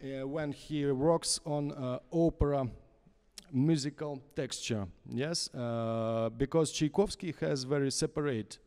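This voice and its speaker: Male conductor with a Russian accent coaching a singer, halting and unhurried, warm low tone, concert-hall reverb. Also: fairly even intonation, clean tone. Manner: halting English with many fillers. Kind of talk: opera masterclass coaching.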